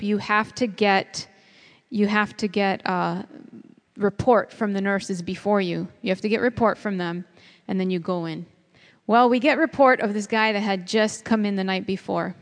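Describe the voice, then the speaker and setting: Woman, spoken testimony, earnest storytelling, voices her own past words, long hall reverb. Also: mid-range voice. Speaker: guest speaker sharing testimony. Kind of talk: personal testimony talk.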